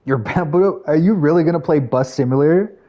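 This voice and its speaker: A man's voice: fairly high pitch, brisk, dull audio. A man streaming live, chatting casually with his viewers in a rambling way with lots of fillers. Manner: chatty, rambling, talks to chat, frequent fillers.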